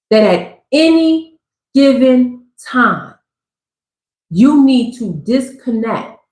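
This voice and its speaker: A woman gives a live tarot reading in a loud, slangy voice that swings between preaching and joking. Her voice sits a little high. The room around her is echoey. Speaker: tarot reader. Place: Southern California.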